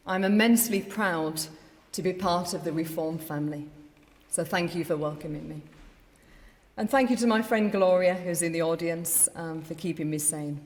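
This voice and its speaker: A middle-aged woman gives a rallying victory speech in a low-pitched voice. She makes emphatic declarations into a lectern microphone. Her words ring out with a long reverb through a large count hall. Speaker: newly elected mayor. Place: election count hall, indoors.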